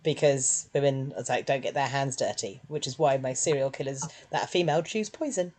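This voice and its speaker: A woman co-hosting a casual film review chat, animated and quick to put on silly voices. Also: extremely low pitch. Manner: animated, puts on silly voices when quoting. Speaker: podcast co-host.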